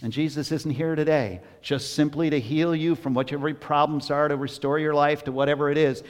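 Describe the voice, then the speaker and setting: A male pastor giving a conversational sermon that swings between hushed asides and emphatic bursts. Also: fairly high pitch, steady tone, a little fast, hardly any pauses, clean tone, big-room sound.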